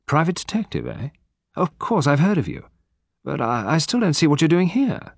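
A man voicing a blunt, flustered young man who speaks in a brisk, offhand, clipped way. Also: medium pitch, lively intonation, no room sound, clean studio sound, voice pushed up, natural voice.

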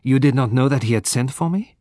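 A man voicing a precise, commanding male detective who speaks in a formal, measured, courteous way. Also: medium pitch, darkish tone, no echo, clean studio sound, voice pushed up, lightly acted. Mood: authoritative.

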